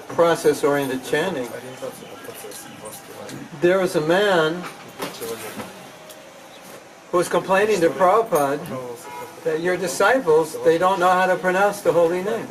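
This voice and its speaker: A man's voice: on the high side, recorded from a distance, poor audio. A man leading a chanting seminar, lecturing in a conversational way, asking his listeners rhetorical questions and mimicking how people pronounce words. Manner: imitates questioners and mimics pronunciations. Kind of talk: lecture to a live audience. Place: seminar hall with an audience.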